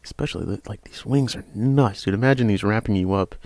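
A young man casually reviewing trading cards, rambling with frequent hesitations and sudden bursts of excitement. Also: on the low side, quick pace, dry recording. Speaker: card game channel host.

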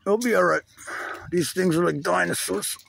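Gravelly man coaxing a turtle outdoors. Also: sits high, normal speed, fairly bright tone. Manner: coaxing an animal, with sudden cursing. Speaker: turtle rescuer. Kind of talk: casual outdoor chatter. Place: outdoors by a chain-link fence. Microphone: phone camera held nearby.

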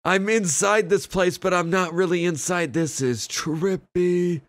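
A man's voice: sits high, measured pace. A man streaming a game role-play, laughing helplessly and swearing as he breaks character. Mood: chatty.

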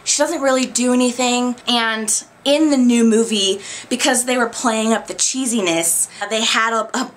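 Young female vlogger, slightly high, animated and gushing, casual review delivery. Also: slight background noise. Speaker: YouTube reviewer. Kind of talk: casual chat.

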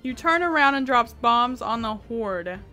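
A high, bright female voice reads out a text adventure and breaks off to react, laughing often and swearing in disbelief. Her tone is sharp and her pitch sits well above most women's. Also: expressive, measured pace, soft background music. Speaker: gaming YouTuber.

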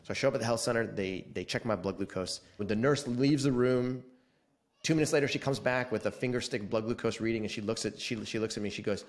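A man in his forties, a podcast guest, telling his story in a casual, animated way and acting out the quoted dialogue. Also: on the low side, fast. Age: 40s.

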